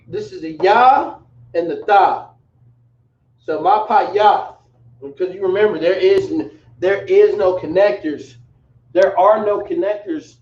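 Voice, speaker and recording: A man teaching a language lesson, spelling words out slowly with casual slang asides. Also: sits high, darkish tone. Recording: roomy, dull, from a distance.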